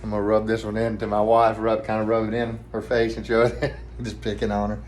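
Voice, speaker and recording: Man, Southern accent, low voice, quiet rambling vlog talk, hotel room, faint background hum. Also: completely flat delivery, brisk. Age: adult, family man with kids. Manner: rambling, hushed so neighbors won't hear. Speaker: vlogger, trucking trainee.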